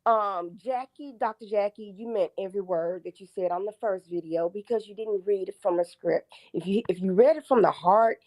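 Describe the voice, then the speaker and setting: A woman's voice: mid-range voice, moderate pace, hardly any pauses, a little mellow, no room sound. Woman, forties, phone-in caller, emphatic, counts off points, dry sound. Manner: chatty, counts off her points, exclaims emphatically. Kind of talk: casual phone-in chat.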